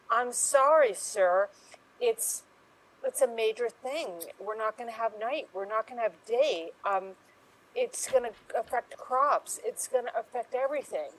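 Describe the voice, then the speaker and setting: A woman's voice: a little high, animated, unhurried, low-quality recording. A woman playing an earnest, pleading character in an improv comedy scene. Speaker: improv performer.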